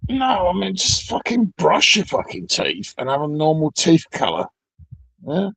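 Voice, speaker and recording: A middle-aged Englishman rants on his own, blunt and sardonic, swearing through nearly every sentence. His voice is gravelly and husky, and his pitch swings up and down a lot. The sound is dry and close. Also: wildly swooping pitch, unhurried, a bit bright, no echo, low-quality recording. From Britain. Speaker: vlogger. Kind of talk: profane solo rant.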